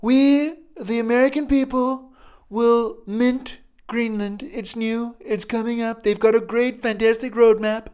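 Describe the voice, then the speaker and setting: A man's voice: extremely high pitch, steady tone, unhurried, a little mellow, clear, resonant tone, voice pushed up. A man impersonating a pompous, boastful older male politician who speaks with grandiose, repetitive salesman bluster.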